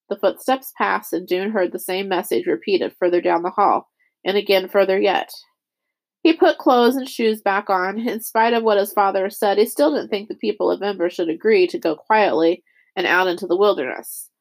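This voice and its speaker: A woman reading a chapter book aloud as narrator, raising her pitch for the characters' lines. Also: normal speed, creaky. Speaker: audiobook reader. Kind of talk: scripted narration.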